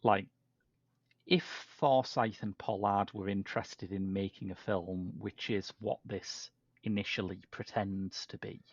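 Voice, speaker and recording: A man's voice: fairly even intonation, unhurried, breathy edge, dry recording. A man hosting a podcast, chatting casually about a film in an English way of speaking, with frequent restarts and asides. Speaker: podcast host. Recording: dull dry low-fidelity podcast audio.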